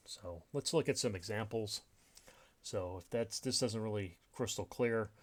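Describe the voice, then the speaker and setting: A man teaching a recorded grammar lesson over slides, explaining step by step with many fillers and restarts. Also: fairly low pitch. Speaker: writing instructor.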